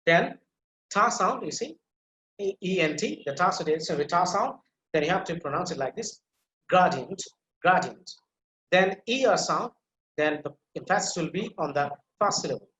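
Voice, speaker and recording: Lady teacher going over word stress, slightly low voice, repeats words patiently. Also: animated, a bit bright, roomy sound, slight background noise, low-quality recording. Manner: patient, repeats each example word slowly. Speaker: English pronunciation teacher. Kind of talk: online pronunciation lesson.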